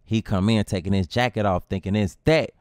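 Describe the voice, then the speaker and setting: A man's voice: on the low side, a little fast, darkish tone, clear, resonant tone, no room sound, clean studio sound. A man with a Chicago accent narrating a comedic first-person story with lots of slang and drama. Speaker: storyteller in a skit video.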